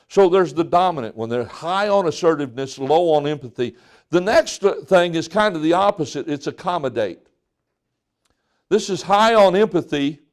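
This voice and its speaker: A man with a fairly high voice delivers a sermon from the pulpit. He talks in a conversational way, as if chatting with the congregation. Every so often he slips into short acted-out exchanges to make his point. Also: a little mellow. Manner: conversational preaching with acted-out quotes. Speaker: pastor.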